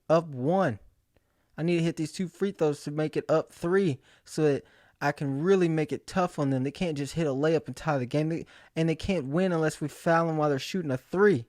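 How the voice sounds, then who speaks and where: A man's voice: fairly high pitch, no echo, clean studio sound. A man hosting his own show, talking in a casual, jokey solo monologue and acting out his own inner voice as he tells stories about himself. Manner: animated storyteller who acts out his own inner voice; jokey and self-mocking. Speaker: host.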